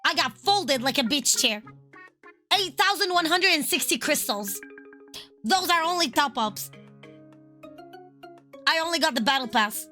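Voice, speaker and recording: A woman streamer chatting casually over gameplay, excitable and profane, laughing often. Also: sits high, measured pace, long pauses, soft background music. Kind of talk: casual gaming stream chat.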